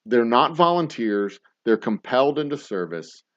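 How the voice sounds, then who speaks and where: A distillery owner hosts his whiskey show live, answering viewer comments in a loose, rambling way. He is blunt and profane, and his voice rises and falls freely at a middle pitch. The audio comes through dull and lo-fi, like a home livestream. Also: very animated, moderate pace. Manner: rambling and blunt, swears freely, chuckles often.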